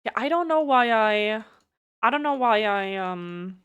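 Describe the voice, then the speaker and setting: A woman's voice: on the high side, lively intonation, a little slow, a bit bright, clean tone, no echo, highs cut off. Chatty streamer woman with a German accent. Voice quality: slightly nasal. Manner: chatty, blunt, swears freely. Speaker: game streamer. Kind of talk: casual live stream chat.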